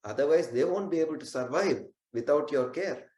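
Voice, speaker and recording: A man's voice: on the high side, expressive, brisk, a little mellow, natural voice. A man voicing a devoted Brahmin wife who begs, earnestly, to be the one to go. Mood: pleading. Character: devoted Brahmin wife offering her life. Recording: roomy echo.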